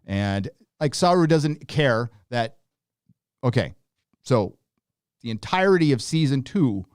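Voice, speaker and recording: A man's voice: mid-range voice, expressive, measured pace, no echo, clean studio sound. Sarcastic man hosting a live review. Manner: sarcastic, mocking, with frequent laughs and fillers. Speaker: host of a review show. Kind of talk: live casual review commentary.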